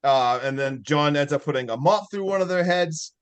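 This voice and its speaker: Chatty man with a higher voice. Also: normal speed, clear, resonant tone. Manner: rambling, laughs often, frequent fillers. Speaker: podcast co-host. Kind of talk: casual movie recap.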